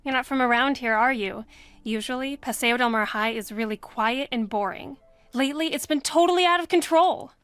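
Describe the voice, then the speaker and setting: A woman's voice: sits high, fairly quick, a bit bright, smooth, dry recording. An actress playing a chatty, bossy teenage girl school monitor who talks in a breezy, gossipy way in a video game.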